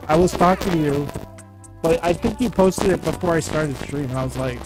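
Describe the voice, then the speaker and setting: A mid-pitched live streamer chats casually over a game, rambling and cracking jokes while reading chat aloud. Game music plays clearly in the background. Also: moderate pace, low-quality recording.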